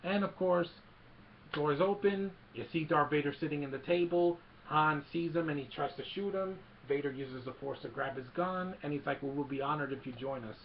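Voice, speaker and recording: A man's voice: on the high side, moderate pace, highs cut off, a little hiss or hum. A man casually retelling a movie scene by scene, rambling with many fillers. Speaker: film recap vlogger.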